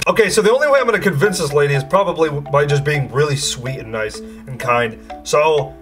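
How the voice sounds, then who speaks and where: A young man hosting gameplay commentary with excitable, crude, jokey banter. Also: a little high, brisk, soft background music. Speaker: gaming video host.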